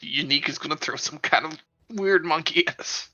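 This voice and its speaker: Chatty dude at the game table, bright tense voice, muffled mic. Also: male voice, on the high side, brisk, faint music behind. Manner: chatty, restarts, excited asides. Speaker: player.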